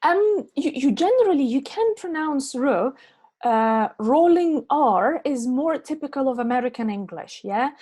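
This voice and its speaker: Her voice sits high and sounds mellow, expressive, and unhurried. After an online lesson, this woman English teacher takes questions from the chat, speaking into a meeting microphone. She stays patient and tests whether she's understood with frequent "yeah?" and "okay?".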